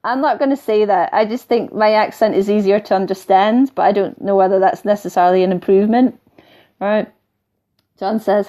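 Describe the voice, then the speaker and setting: A middle-aged woman with a softened Scottish accent, talking casually on a live stream as a spiritual teacher, wandering off topic and laughing now and then as she coaches viewers. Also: medium pitch, fairly quick. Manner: chatty and digressive, laughing often, coaching tone. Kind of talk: live-stream talk, reading viewer comments.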